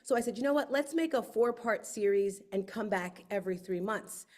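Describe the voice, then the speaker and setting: A woman hosting her book launch on a livestream, telling lively stories and acting out quotes. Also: medium pitch, moderate pace. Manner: lively storyteller, acts out quotes. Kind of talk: casual livestream talk.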